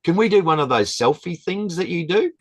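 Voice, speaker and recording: A woman's voice: sits low, animated, a little fast, vocal fry, slightly rough, pitched above the performer's own voice, exaggerated voice. A man putting on an amazed, scatterbrained lady. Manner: wondering, incredulous questions. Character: startled, scatterbrained woman in a fluffy wool hat.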